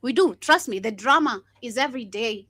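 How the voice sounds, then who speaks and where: A woman's voice: on the high side, expressive, a little fast, fairly bright tone, slightly rough, no echo. A young woman hosting a livestream, giving blunt, impassioned commentary, swearing often and laughing between points. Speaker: livestream host.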